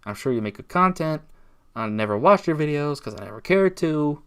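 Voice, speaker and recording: Aggrieved man ranting, slightly high voice. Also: expressive, a little fast, a bit bright, clear, resonant tone. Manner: aggrieved, sarcastic, taunting. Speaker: YouTuber. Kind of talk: casual ranting vlog.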